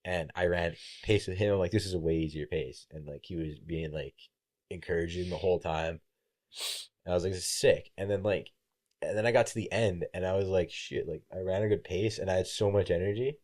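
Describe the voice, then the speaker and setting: A man's voice: low-pitched, fairly quick. A young man, a college baseball player, guest on a podcast, telling a story casually and acting out what people said, with plenty of swearing. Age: young adult. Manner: animated, acts out quoted voices, swears freely.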